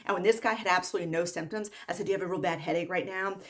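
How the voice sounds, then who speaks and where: An exasperated woman rants to the camera about her patients in a slightly low voice. She repeats herself with disbelief and fires off long lists one after another. The delivery is an unscripted vlog monologue. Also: fairly even intonation, fairly bright tone. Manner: exasperated, repetitive, rapid-fire lists. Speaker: medical worker.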